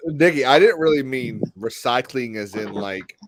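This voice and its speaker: A man's voice: medium pitch, lively intonation, normal speed, slight background noise. A man hosting a casual stream hangout, chatting loosely with lots of fillers and rambling stories. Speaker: stream host. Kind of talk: casual chat.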